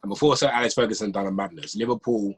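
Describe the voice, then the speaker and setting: A man's voice: lowish voice, very fast. A young man with a London accent, a United fan in a casual football chat, laying out trophy counts. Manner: argues with counts and facts, laid back. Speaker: guest, Manchester United fan.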